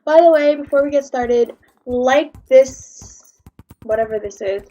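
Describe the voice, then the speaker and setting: A woman's voice: high voice, measured pace, mellow, dull audio. A woman hosting a casual reaction livestream, rambling and giggly with lots of restarts. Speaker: livestream host.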